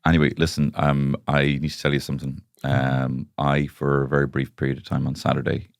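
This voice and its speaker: Irish male podcast co-host: very deep and gravelly, dry close sound, halting casual banter. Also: completely flat delivery, no echo. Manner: slow, hesitant, plenty of ums. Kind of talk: casual comedy chat.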